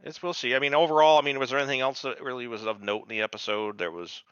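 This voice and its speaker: A man's voice: medium pitch, fairly even intonation, racing, a bit bright, smooth, no echo, lo-fi sound. A man co-hosting a podcast, ranting in a casual and profane way about a TV episode. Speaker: podcast co-host. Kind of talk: casual TV recap chat.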